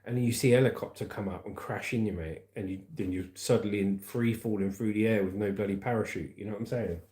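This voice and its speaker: A man's voice: on the low side, fairly even intonation, fast, dark tone. A man hosting a casual livestream, rambling as he reads out viewer comments and calls them mate and brother. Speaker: livestream host reading chat. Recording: roomy echoey room.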